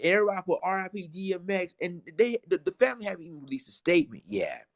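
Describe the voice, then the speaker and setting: A man's voice: sits high, big pitch swings, quick pace, few pauses, no echo, studio quality. Indignant man venting to viewers. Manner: indignant, repetitive, addresses viewers as y'all. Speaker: vlogger. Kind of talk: emotional casual commentary.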